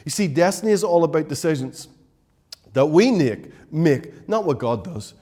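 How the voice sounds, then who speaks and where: A man delivers a sermon as pastor. His voice sits a little higher than most men's. He preaches emphatically, repeating his points and asking the listeners rhetorical questions. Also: lively intonation, normal speed, warm tone.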